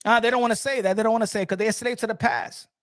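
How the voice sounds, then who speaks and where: This boxing talk show host has a high voice and a steady tone, and he races through his words. He rants casually and heatedly, repeating himself with lots of profanity.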